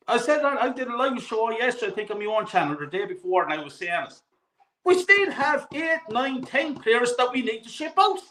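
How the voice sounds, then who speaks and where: A man's voice: very high voice, pushed and bright, roomy sound, low-quality recording. A man on a football fan panel, blunt and exasperated, swearing freely as he vents about his club. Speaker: panel guest. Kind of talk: heated football panel chat.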